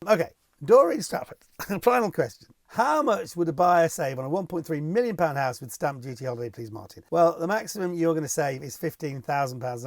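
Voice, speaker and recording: A man's voice: a little high, gravelly, a little mellow, no room sound. A man hosting a casual question-and-answer chat to camera, rambling and laughing as he reads out and answers viewer questions.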